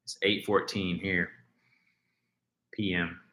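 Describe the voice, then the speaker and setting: A man's voice: sits low, little pitch movement, takes it slowly, bright, forceful tone. A man hosting a casual livestream, chatting with viewers in a rambling way, full of fillers and restarts. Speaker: livestream host reacting to music. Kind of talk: casual livestream chat, reading viewer comments. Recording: roomy echo.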